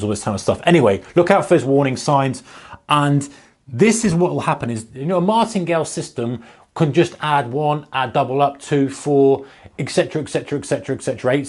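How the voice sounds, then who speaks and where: A man's voice: mid-range voice, a little mellow. A man with a British accent, a trading educator, talking viewers through a topic in a casual, emphatic, direct way. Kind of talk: casual explainer to camera.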